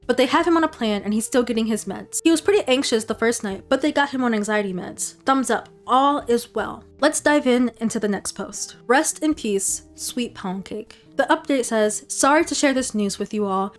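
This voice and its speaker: A woman hosting a commentary video, reading online posts aloud with casual conversational asides. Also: on the high side. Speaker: commentary YouTuber.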